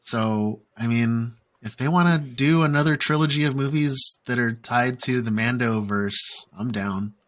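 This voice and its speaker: A man co-hosting a casual fan podcast, animated, laughing often and trailing off in fillers. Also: medium pitch, moderate pace, few pauses. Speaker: podcast co-host. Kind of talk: casual chat.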